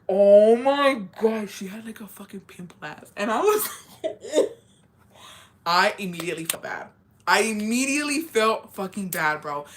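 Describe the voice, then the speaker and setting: A woman's voice: fairly low pitch, pushed and bright. Profane, rambling young woman telling a story. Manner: profane, rambling, filler-heavy, laughs at herself. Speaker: vlogger. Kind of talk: casual storytime confession.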